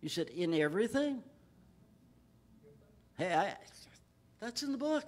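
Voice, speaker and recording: Male pastor, high voice, emphatic Bible-study preacher who lifts his voice on scripture. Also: sing-song, unhurried. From Texas. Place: church.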